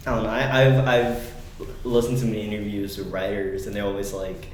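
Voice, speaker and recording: A young man co-hosting a casual podcast, easygoing and encouraging, halting often as he talks. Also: lowish voice, flat delivery. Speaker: podcast co-host. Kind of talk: casual chat. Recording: echoey room, faint hiss.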